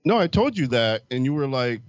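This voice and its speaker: A man's voice: medium pitch, big pitch swings, fairly quick. A man on a casual movie podcast, stubborn and wry in his jabs. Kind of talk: casual chat about movies. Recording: dull lo-fi sound.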